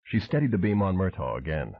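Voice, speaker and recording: A man's voice: low-pitched, very animated, a little fast. A man narrating an audiobook thriller with dramatic storytelling. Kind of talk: scripted narration. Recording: tinny phone-like audio.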